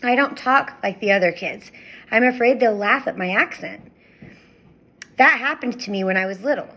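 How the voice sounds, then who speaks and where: A woman reading the lines of a shy, earnest schoolgirl in a soft, sincere way. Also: a little high, normal speed.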